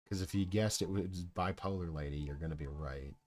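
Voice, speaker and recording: A man's voice: low voice, fairly quick, a little mellow. A young man chatting casually on a live stream, telling a rambling story full of swearing and asides to his chat.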